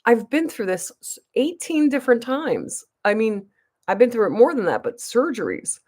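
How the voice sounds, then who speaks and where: A woman's voice: a little high, sing-song, normal speed, darkish tone. A woman vlogger telling a long personal story to her viewers in a rambling, emphatic way, full of restarts and asides. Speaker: beauty vlogger.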